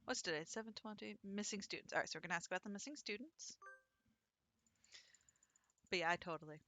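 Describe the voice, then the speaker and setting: A woman's voice: mid-range voice, fast, sharp tone. A young adult woman chatting casually over a game, rambling into stories. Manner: chatty, rambling anecdotes with acted quotes. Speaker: let's play streamer. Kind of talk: casual gameplay commentary.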